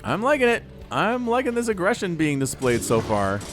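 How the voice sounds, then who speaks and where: Animated male game caster. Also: sits high, music in the background. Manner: animated, quick bursts of excitement and asides. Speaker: StarCraft caster. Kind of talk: excited game commentary.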